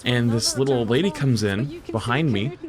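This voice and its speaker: A man's voice: medium pitch, animated, moderate pace, a crowd in the background. A male streamer tells a casual story to his viewers. He rambles, restarts his sentences and swears freely along the way.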